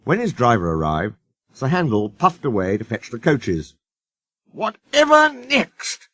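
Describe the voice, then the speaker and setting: A man's voice: on the low side, dry recording. A man reading a children's storybook aloud as narrator, doing the characters' voices. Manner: slow, lively intonation.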